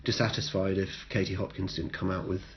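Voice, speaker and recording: Podcast host, wry man, low voice, muffled lo-fi sound, faint hiss. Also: level tone. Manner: wry, dry joking, talks in halting restarts. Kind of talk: casual podcast chat.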